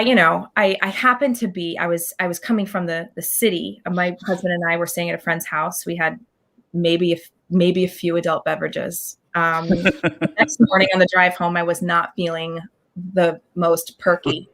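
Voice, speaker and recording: A woman guest on an interview show, telling a story excitedly in a rambling way with many restarts. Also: fairly low pitch, moderate pace. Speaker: guest actor. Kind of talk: casual interview chat.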